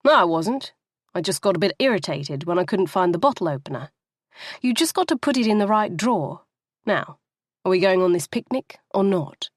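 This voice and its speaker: A woman's voice: on the low side, lively intonation, normal speed, dry recording, studio quality. A woman reading the part of a controlling young male lawyer with an explosive temper, curt and swearing. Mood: dismissive. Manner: curt, then yelling and swearing, then dismissive.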